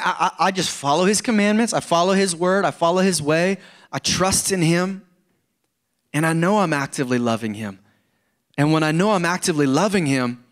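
Middle-aged male pastor, slightly high voice, earnest conversational sermon with repetitions. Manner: conversational preaching with repeated words and rising emphasis. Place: church.

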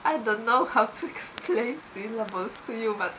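A woman's voice: fairly high pitch, animated, normal speed, highs cut off, background noise. A young woman with an Italian accent teaching basic Italian pronunciation in a casual video lesson, hesitant with many fillers.

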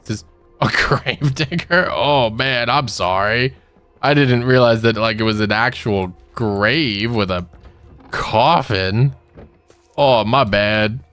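A man's voice: mid-range voice, slow pace, fairly bright tone, smooth, soft background music. A young man giving casual let's-play commentary, nervous and giggly, talking to the monsters he meets. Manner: nervous, giggly, talks to mobs. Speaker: gaming youtuber.

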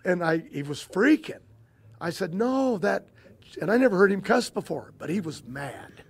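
An older man, a drag racing team owner, telling stories in a casual interview, halting and often repeating himself as he restarts. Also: high voice, big pitch swings, creaky, slightly rough.

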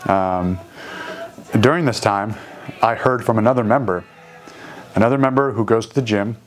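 A man's voice: fairly low pitch, normal speed, faint music behind. A man telling a long story casually, full of fillers and restarts, raising his voice when he quotes people. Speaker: gym owner and host.

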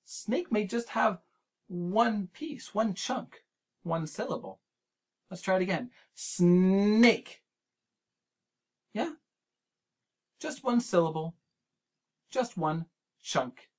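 A man hosting a preschool lesson, talking straight to the young viewer and sounding out words syllable by syllable in a gentle, encouraging way. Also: high voice, very animated, slow pace, long pauses, breathy edge. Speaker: children's show host.

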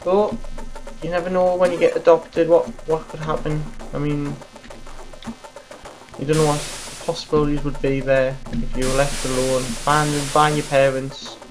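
A woman's voice: sits low, little pitch movement, normal speed, over music, poor audio. A woman reviewing a game, rambling and swearing at it as she plays. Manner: mutters and swears at the game, self-deprecating. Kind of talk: rambling gameplay commentary.

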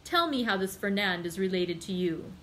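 A woman's voice: mid-range voice, expressive, normal speed, slight background noise, close to an everyday voice, poor audio. Woman voicing a male journalist, mild, courteous, composed, storybook reading. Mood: calm.

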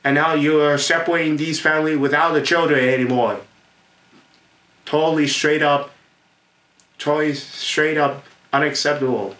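A man hosting a rambling commentary to camera, excited and repetitive, laughing often and stumbling over names. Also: a little high, moderate pace, pauses often. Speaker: host. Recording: echoey room.

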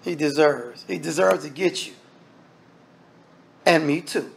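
A man's voice: on the high side, slow, vocal fry, slightly rough. A man preaching a sermon in an emphatic, conversational style, speaking straight to the congregation.

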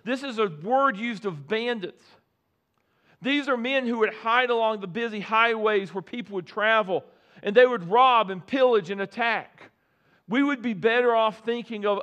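A middle-aged male pastor preaching a sermon, deliberate, with repeated phrases and dramatic pauses. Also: high-pitched, fairly bright tone, dull audio.

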